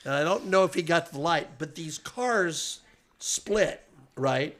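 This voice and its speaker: A man's voice: on the high side, unhurried. Chuckling man telling racing stories. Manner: animated storyteller, chuckles often. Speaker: podcast guest. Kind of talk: casual anecdote telling.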